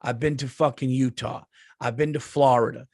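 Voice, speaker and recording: A man's voice: medium pitch, steady tone, moderate pace, creaky, a little mellow, no echo, studio quality. A middle-aged man, a comedian hosting his podcast, ranting in a casual, profane monologue and often repeating himself.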